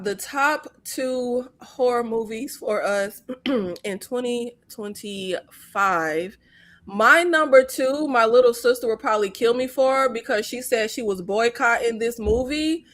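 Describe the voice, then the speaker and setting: A woman hosting a casual movie review chat, blunt and profane, talking in an animated way. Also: fairly high pitch, slow. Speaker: host.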